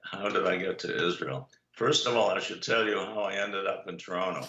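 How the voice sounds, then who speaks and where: A Holocaust survivor appearing as an interview guest, this older man speaks in a low, gravelly yet bright and forceful voice. He tells long anecdotes unhurriedly, pausing often with "uh." The lo-fi room recording sounds echoey and dull.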